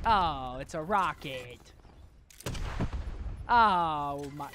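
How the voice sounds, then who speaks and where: A man's voice: on the high side, big pitch swings, slow, long pauses, background noise. A man doing live gameplay commentary as a gaming YouTuber, hyping himself up and mocking his own mistakes with sudden outbursts. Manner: hype, self-mocking trash talk, sudden outbursts.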